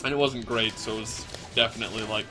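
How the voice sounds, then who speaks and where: A man's voice: lowish voice, fairly even intonation, quick pace, over music. A young man co-hosting a let's play, chatting casually in a rambling way with fillers and laughs. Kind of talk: casual gaming commentary.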